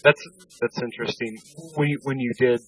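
Male interviewer, husky, off-mic, short hesitant questions. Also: medium pitch, steady tone, fairly quick. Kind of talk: oral history interview. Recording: distant from the mic.

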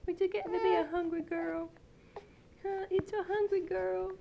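A mother cooing baby talk to her infant in a soft, often whispered voice, with gentle, soothing, drawn-out exclamations on a home recording. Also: extremely high pitch, level tone, vocal fry. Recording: dull lo-fi home tape with faint hiss.

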